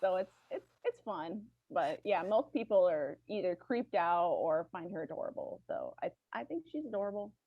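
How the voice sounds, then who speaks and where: A woman's voice: fairly low pitch, normal speed, vocal fry, few pauses, slightly rough, dry recording. A woman guest chats casually on a podcast, spinning a funny story and acting out the voices of the people in it. The sound is dry and a little dull, like a simple podcast setup. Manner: animated, acts out voices and laughs while telling stories. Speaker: podcast guest, band's lead singer.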